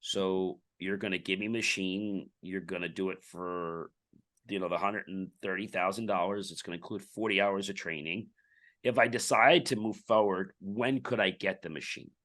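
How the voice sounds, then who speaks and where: A man's voice: low-pitched, moderate pace, a bit bright. A middle-aged man, a podcast guest, telling a business story in casual interview talk and acting out the dialogue.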